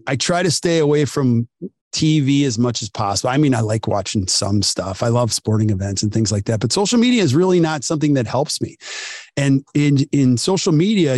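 A man's voice: medium pitch, no echo, studio quality. A man in his forties hosting a podcast interview, telling stories and acting out what people said. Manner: animated storyteller, acts out quotes. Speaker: podcast host.

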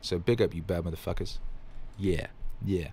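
A man with a low voice hosts a motivational livestream, building to emphatic, exclamatory bursts and swearing freely. He stops now and then to read out viewer comments. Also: normal speed, warm tone, husky. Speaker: livestream host.

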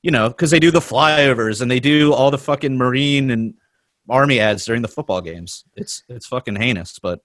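A relaxed man with a mid-range voice chatting with friends, swearing and saying dude. The recording is close and dry. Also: medium pitch, moderate pace, dry recording. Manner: laid-back, says dude a lot, swears. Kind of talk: casual political chat.

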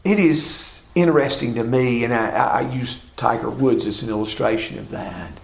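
A man's voice: medium pitch, normal speed, creaky, echoey room, slight background noise, rough recording. A man teaching a Bible class, asking his listeners questions and repeating key phrases.

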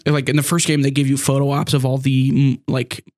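A man's voice: medium pitch, level tone, a little fast, a little mellow. Joking man co-hosting a podcast. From United States. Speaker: podcast co-host. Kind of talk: casual gaming podcast chat.

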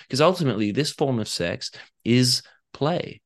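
A man's voice: medium pitch, moderate pace, hardly any pauses. A man, an author and coach, talking candidly as an interview guest and acting out the people in his stories. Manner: animated storyteller, acts out other voices, laughs easily.

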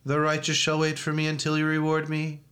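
Man reading psalms in a flat monotone. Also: a little high, fairly quick. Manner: flat monotone recitation, chanting some verses. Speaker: reader at a church service. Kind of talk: liturgical reading and chanting.

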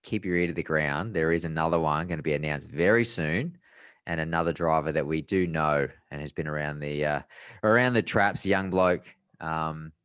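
A man's voice: very deep voice, normal speed, fairly bright tone, smooth, dry recording, clean studio sound. A man co-hosting a motorsport podcast, blunt and matey with loose phrasing. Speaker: podcast co-host. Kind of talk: casual motorsport chat.

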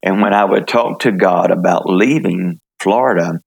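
An older man from the United States telling his story in an interview, halting, with many fillers and restarts. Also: low voice, gravelly, breathy edge. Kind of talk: relaxed testimony in conversation.

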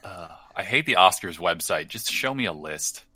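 A man's voice: low-pitched, lively intonation, normal speed, sharp tone, no echo. A man co-hosting a podcast, making wry, joking asides in casual chat. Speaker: podcast co-host.

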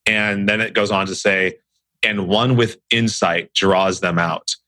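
A man's voice: lowish voice, fairly even intonation, unhurried, bright, forceful tone, no echo. A man hosting a podcast interview, asking thoughtful questions. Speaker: podcast host.

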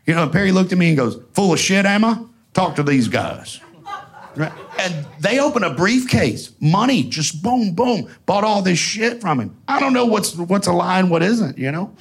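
A man telling profane, animated stories in a casual way, laughing often. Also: high-pitched, normal speed, hardly any pauses, husky. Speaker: storyteller guest. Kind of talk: casual storytelling before an audience.

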